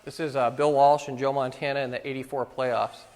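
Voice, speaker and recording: With a medium pitch, a darkish tone, and little pitch movement, a middle-aged man talks briskly to photography students. It's a casual, anecdote-driven session in which he acts out what people said, recorded amid a lecture hall's long reverb.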